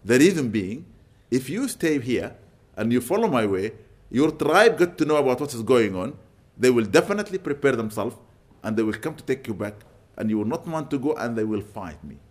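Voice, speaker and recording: An older man giving an Islamic lecture, telling stories earnestly with sudden bursts of loud emphasis. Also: medium pitch, big pitch swings, brisk. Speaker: Islamic preacher. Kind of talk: religious lecture with storytelling.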